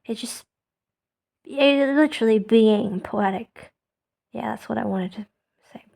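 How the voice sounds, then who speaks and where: A woman who speaks English as a second language, thinking aloud in a casual monologue with many fillers and restarts, often trailing off quietly. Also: fairly high pitch, unhurried, creaky. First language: not English. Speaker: podcaster.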